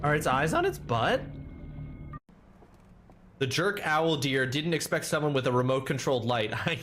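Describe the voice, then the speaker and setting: A man hosting a game stream in a lively, rambling way. His voice sits a touch high and swings widely in pitch. A faint background hiss runs under the talk. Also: normal speed. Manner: animated, giggly, rambling asides. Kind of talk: casual game stream chat.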